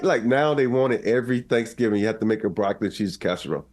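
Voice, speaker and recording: A man co-hosting a podcast in casual chat, telling a story animatedly and acting out quotes. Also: quick pace. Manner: animated storyteller, acts out quotes with big pitch jumps. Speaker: podcast co-host.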